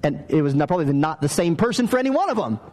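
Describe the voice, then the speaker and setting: Talking very fast, this pastor preaches conversationally, weaving in stories and asking the audience questions. His voice is on the high side, a little mellow, with big swings in pitch.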